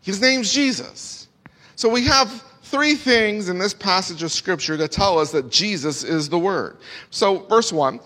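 A man preaching a sermon as pastor, emphatic, repeating key phrases and swinging between soft asides and loud declarations. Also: sits high, lively intonation, unhurried. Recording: long reverb of a large hall.

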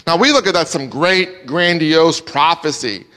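A man with a fairly high voice preaches an expository sermon at normal speed, barely pausing. He's animated, his voice rising and dropping sharply for emphasis, and a long hall reverb colors the recording.

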